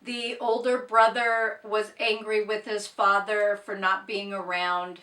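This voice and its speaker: A woman's voice: mid-range voice, level tone, slow, bright, forceful tone, recorded from a distance. A woman chatting casually through a book wrap-up, blunt and opinionated, with plain asides to the viewer. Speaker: book reviewer. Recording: echoey room, off-mic.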